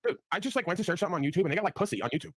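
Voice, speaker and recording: A man's voice: sits high, lively intonation, racing, breathy edge, no room sound. A man hosting a livestream, chatting crudely, laughing often and mimicking people. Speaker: livestream host. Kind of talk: casual chat.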